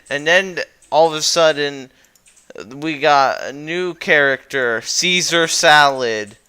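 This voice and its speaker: Young male YouTuber, casual and goofy, smooth voice, rambling recap style. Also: on the high side, bright, forceful tone. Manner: rambling and goofy, with lots of fillers and self-corrections. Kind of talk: casual recap over a slideshow.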